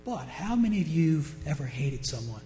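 A male pastor preaching a sermon with passion, swinging from loud declarations to hushed words. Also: fairly high pitch, big pitch swings, brisk, faint music behind, poor audio.

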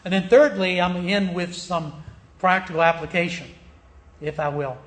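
A man's voice: high-pitched, steady tone, normal speed, echoey room. A male pastor preaching a sermon and reading scripture aloud. He speaks with emphasis, stretches key words and checks in with his listeners through rhetorical questions.

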